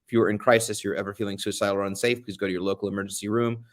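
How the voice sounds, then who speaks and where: A man's voice: fairly low pitch, little pitch movement, rapid-fire. Chatty young man hosting a live stream. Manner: chatty, self-deprecating, greets viewers by name. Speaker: livestream host, advocate. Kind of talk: casual live-stream chat. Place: beach rental during a getaway.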